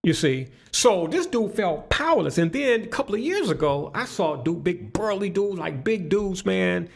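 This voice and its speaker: A man telling stories as a guest in a casual podcast conversation, animated and profane, with many restarts. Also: sits high, moderate pace, creaky, faint music behind.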